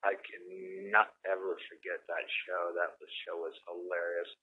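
A man's voice: sits low, little pitch movement, normal speed. A man chatting casually, telling rambling stories and swearing a lot, as a podcast guest. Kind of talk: casual chat. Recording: dull lo-fi sound with faint noise.

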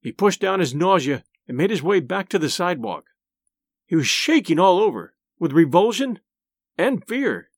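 A man's voice: high-pitched, sing-song, moderate pace, dry recording. Dramatic male audiobook narrator. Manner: dramatic, suspenseful.

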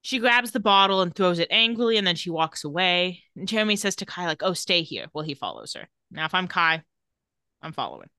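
Podcast host, woman, bright and forward voice, dry close recording, casual recap delivery. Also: lowish voice, big pitch swings, a little fast, no room sound. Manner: narrates scenes, quoting characters.

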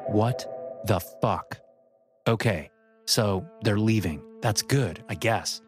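Low-voiced man narrating horror. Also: slow pace, faint music behind. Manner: tense, first-person storytelling.

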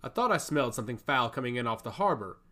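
A man's voice: mid-range voice, big pitch swings, fast talker, bright, forceful tone. A man voicing a haughty female royal vizier with a harsh, scornful manner, in a storybook reading.

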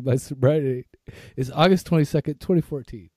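A man's voice: a little high, a little fast, dark tone, no echo, clean studio sound. A man with a sore throat co-hosting a casual podcast, rambling, restarting his sentences and joking at his own expense. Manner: rambling, stumbling, self-mocking. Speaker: podcast co-host. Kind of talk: casual chat.

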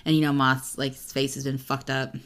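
Woman, young adult, low pitch, casual chat, swears freely, reads book passages aloud. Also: flat delivery, brisk. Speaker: book podcast co-host.

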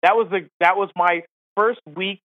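Podcast guest: a lively, high-voiced male storyteller on a dry, tinny phone line. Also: moderate pace, dry recording. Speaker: podcast guest, comedian and golf analyst. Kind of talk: animated anecdote telling.

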